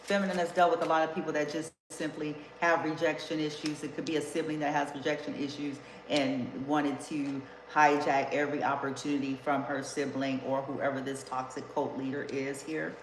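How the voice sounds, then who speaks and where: A woman's voice: low voice, level tone, brisk, few pauses. A woman giving a casual tarot reading, talking bluntly and emphatically and swearing freely. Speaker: tarot reader. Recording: echoey room with background noise.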